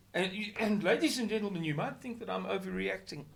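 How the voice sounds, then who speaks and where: Man from South Africa, video commentator, bright and slightly high voice, rhetorical and impassioned, drops to a hush then flares up. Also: lively intonation, moderate pace, creaky. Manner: impassioned, swinging from near-whisper to shouting; rhetorical, repeating words for emphasis.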